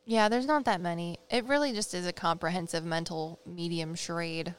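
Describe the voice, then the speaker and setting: A psychic medium with a Midwestern accent co-hosts a casual podcast, her voice on the low side and clean, at normal speed. She tells stories animatedly, acts out quotes, and laughs often.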